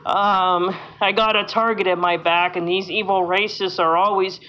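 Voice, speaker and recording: A woman's voice: medium pitch, fairly even intonation, normal speed, bright, forceful tone. A woman vlogging casually from a hotel room, rambling with many fillers and sounding frustrated. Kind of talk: casual vlog monologue. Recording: dull lo-fi sound.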